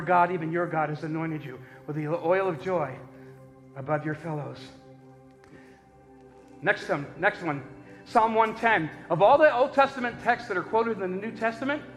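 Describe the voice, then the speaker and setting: A male preacher with a high voice delivers a sermon in a large, reverberant hall. He swings from loud, emphatic peaks down to low, intense asides, and he often restarts phrases. Faint music sits under his voice. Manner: repeats words and restarts phrases.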